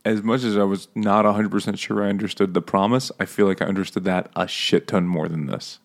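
Male co-host, somewhat low voice, musing casual book chat. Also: little pitch movement, a little fast, vocal fry. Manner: thinking aloud, unsure. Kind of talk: casual chat over beers.

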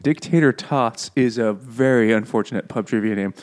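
A man's voice: mid-range voice, moderate pace. A man co-hosting a casual book podcast over beers, joking, swearing freely and laughing at his own jokes. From half Irish family. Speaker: podcast co-host.

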